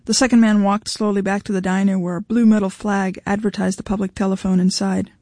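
A woman's voice: mid-range voice, little pitch movement, a little fast, dark tone, no room sound. Woman narrating a story, dry sound. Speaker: audiobook narrator. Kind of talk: scripted narration.

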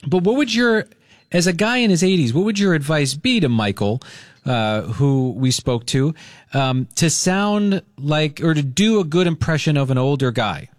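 A man hosting a morning radio show, chatting excitedly with a caller in the studio. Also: on the high side, moderate pace, no room sound.

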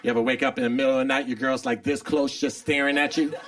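A man doing a stand-up comedy set, animated and acting out little scenes. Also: medium pitch, fast talker. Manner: animated, acts out voices with shouted bits.

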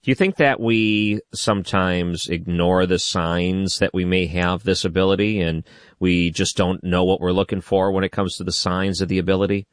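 A man hosting a late-night call-in radio show, calm and measured as he takes callers and asks questions. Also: sits low, clear, resonant tone, dry recording, studio quality. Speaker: radio host.

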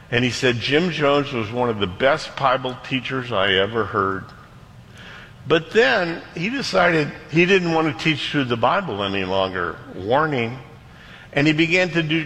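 A man preaching a sermon as pastor, emphatic, slowing down hard on key words and rushing through asides. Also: mid-range voice, pushed and bright. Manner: emphatic, dramatic slowdowns, quick asides. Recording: long hall reverb.

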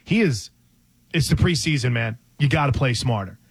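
A man co-hosting a sports talk show, animated and thinking aloud in casual chat. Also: mid-range voice, moderate pace, vocal fry, slightly rough, no echo. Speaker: podcast co-host.

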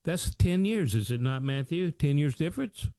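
Old sayings and rhetorical questions fill this folksy, repetitive radio-style monologue from an American financial talk show host. His mellow, somewhat high voice moves at a moderate pace with lively intonation, captured in clean studio sound with no room tone.

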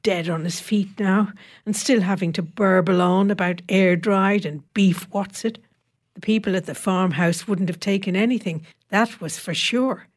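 A woman narrating a short story in a measured, wry storytelling voice. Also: medium pitch. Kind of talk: reading a short story aloud.

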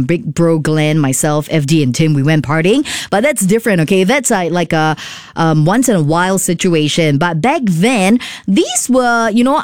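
A woman's voice: on the low side, a little mellow, dry recording, studio quality. A woman in her thirties with a Singaporean accent, hosting a radio show and chatting expressively as she reads out listener messages, often tagging her sentences with "right?" and "okay?". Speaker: radio host.

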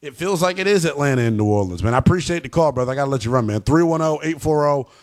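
A man hosting a call-in sports radio show, brash and animated as he trash-talks teams with callers. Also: fairly high pitch, rapid-fire.

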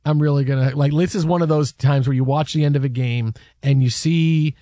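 A man hosting a casual sports chat, animated and rambling with restarts. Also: fairly high pitch, moderate pace, dry recording, clean studio sound. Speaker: sports podcast host.

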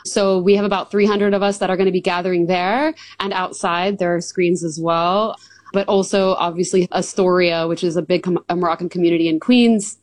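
A young woman with a hoarse, worn voice talks upbeat and chatty as a radio guest. Her voice sits a little low and sounds dry and close. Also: fairly even intonation, a little fast, no echo, poor audio. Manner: upbeat, chatty, laughs easily. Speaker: guest, community organizer. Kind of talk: live radio interview.

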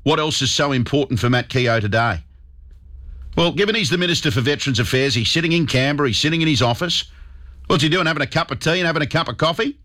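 A man's voice: fairly high pitch, fast talker, bright, forceful tone. A man with an Australian accent hosting a talkback radio show, speaking with fired-up, indignant emphasis into a studio microphone. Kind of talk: talk radio commentary.

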